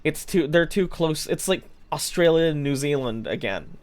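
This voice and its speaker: A young adult streamer keeps up casual conversation with viewers during a game, sounding animated at a moderate pace, the mid-range voice a touch mellow. Now and then come dry jokes and some swearing.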